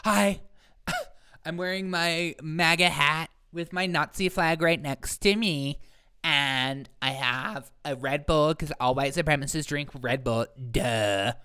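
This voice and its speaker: A man's voice: fairly high pitch, slow pace, bright, forceful tone, clean tone. A man voicing a cocky, clueless teenage male extremist in a comedy news show, with a goofy, boastful manner. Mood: mocking.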